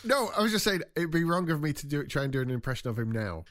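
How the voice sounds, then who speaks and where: A man's voice: on the high side, sing-song, racing, fairly bright tone. A man from Manchester with a Manchester accent, co-hosting a podcast in casual comedic chat, full of jokey asides. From Manchester, England. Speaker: podcast co-host.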